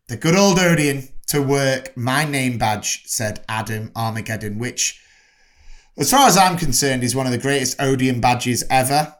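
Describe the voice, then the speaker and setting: A man hosting a movie podcast, wrapping up the episode in an enthusiastic, chatty, jokey way. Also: medium pitch. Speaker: podcast host. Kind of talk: casual podcast sign-off.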